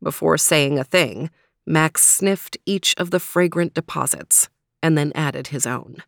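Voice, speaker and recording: Brief: woman narrator, low voice, unhurried storybook read-aloud, close and dry. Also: dry recording.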